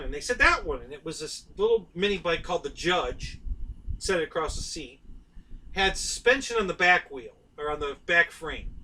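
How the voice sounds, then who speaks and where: Male stream host: high, bright voice, loose rambling storytelling, a bit distant from the mic. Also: slight background noise. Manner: rambling, chatty, with lots of fillers and restarts. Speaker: host of a live stream about model aircraft. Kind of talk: casual storytelling on a live stream.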